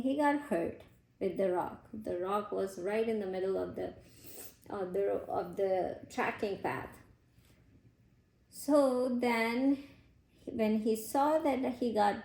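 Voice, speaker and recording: A woman teaching a children's class, telling a moral story in simple words with gentle restarts. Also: a little high, gravelly, echoey room.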